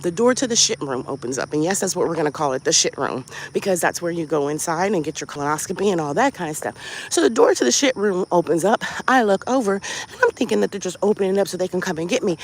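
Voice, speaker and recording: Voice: medium pitch, lively intonation, fast, a little hiss or hum. Casual storytelling, podcast host, profane, rhetorical questions, outdoors, faint crickets. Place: outdoors on a walk.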